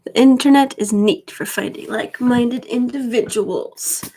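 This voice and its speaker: A woman's voice: on the high side, a little slow, mellow, a little hiss or hum, low-quality recording. A woman in her thirties chatting casually on a live stream, rambling with wry asides. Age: 30s. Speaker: vlogger.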